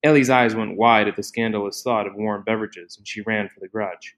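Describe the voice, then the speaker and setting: Low-voiced man narrating a novel. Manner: even, measured storytelling. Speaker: audiobook narrator. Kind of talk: scripted narration.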